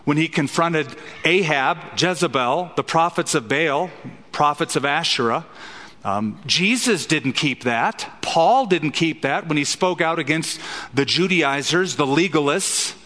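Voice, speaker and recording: A man's voice: a little high, lively intonation, a little slow, pushed and bright, long reverb tail. A man preaching an expository sermon as a pastor, emphatic and fond of rhetorical questions.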